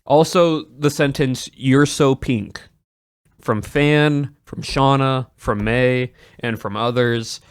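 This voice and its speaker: A man's voice: mid-range voice, fairly even intonation, slow pace, few pauses, clean tone, dry recording, studio quality. A man streaming and chatting casually to his viewers, rambling with many restarts and chuckles.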